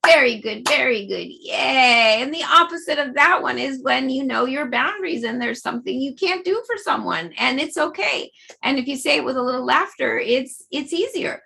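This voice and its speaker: A woman's voice: sits high, lively intonation, brisk, creaky, pushed and bright, breathy edge. A middle-aged woman leading a laughter yoga class, cheerful and full of laughter and chanting. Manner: bubbly, frequent laughter and chanting. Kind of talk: guided group exercise over video.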